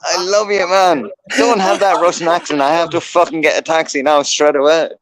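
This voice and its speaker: A man's voice: fairly high pitch, steady tone, fairly quick, a crowd in the background, rough recording. A man with an Irish accent in casual voice chat, joking in mock threats and swearing heavily.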